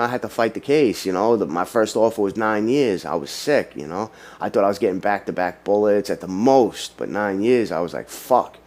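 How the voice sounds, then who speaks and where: A man's voice: on the low side, a little mellow. A young man, casually telling his own story in streetwise slang, full of "you know" fillers.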